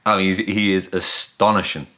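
A man with a northern English accent talks as an interview guest in a fairly low voice. He rambles in a relaxed way and plays down his own skill. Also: moderate pace. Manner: modest, self-deprecating, rambling. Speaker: guest guitarist. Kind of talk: casual interview chat.

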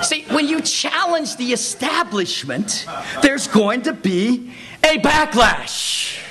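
High, lively preacher, animated. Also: male voice, takes it slowly, crowd noise. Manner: animated storytelling with laughter and shouted exhortations. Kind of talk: sermon.

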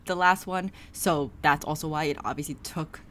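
A young woman talks through her crochet project in a loose, rambling vlog style, full of fillers. Her voice sits low for a woman. A faint hiss runs under the camera-mic recording. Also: normal speed, a bit bright. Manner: chatty, rambling, lots of "like" fillers. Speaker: crochet vlogger. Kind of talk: casual vlog chat. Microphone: camera mic, no clip-on.

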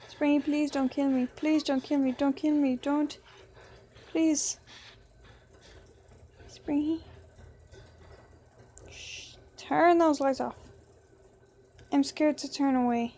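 A woman's voice: sits high, steady tone, takes it slowly, long pauses, warm tone. A woman giving playful horror game commentary as a gaming channel host, talking to the game character.

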